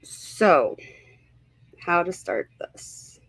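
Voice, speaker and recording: A woman hosts a casual livestream at an unhurried pace, greeting her viewers by name one after another. She talks with a slightly unsure, easygoing manner. Her voice is dry and close, with no room sound around it. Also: on the low side, very animated, creaky, breathy edge, no echo. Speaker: livestream host.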